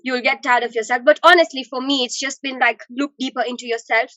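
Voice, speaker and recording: A young woman, a university student being interviewed, talking in an expressive, dramatic way and laughing often. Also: high voice, quick pace, dry recording, highs cut off. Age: young adult. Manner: expressive and dramatic, laughs often, acts out her own thoughts. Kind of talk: casual interview chat.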